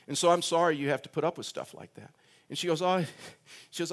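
Sharing a personal story from the pulpit, a pastor speaks at normal speed in a medium-pitched voice. His sermon style is conversational, with frequent repetitions and restarts, and his voice rises when he wants to stress a point.

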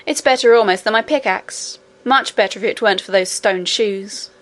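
A woman voicing a brave, practical young miner boy in a storybook reading, with brisk, matter-of-fact speech. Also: mid-range voice, natural voice. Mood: plucky.

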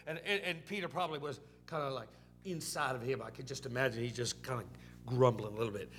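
A man's voice: mid-range voice, expressive, fast talker, a bit bright, slightly rough. A male pastor preaching a sermon in a folksy, repetitive storytelling way, dropping in "amen"s.

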